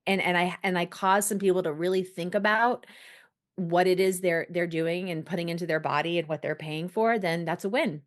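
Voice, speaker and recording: A woman guest on a podcast, chatting casually and acting out the people in her stories with lively voices. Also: lowish voice, normal speed. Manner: animated storyteller, acts out quoted voices. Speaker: podcast guest, holistic success coach. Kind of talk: casual interview chat.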